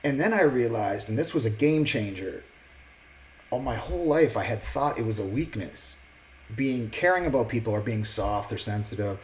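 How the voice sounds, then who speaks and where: A man casually sharing a personal faith testimony, earnest and reflective, often pausing and restarting his words. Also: medium pitch, expressive, slight background noise, rough recording. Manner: halting, with many restarts and fillers.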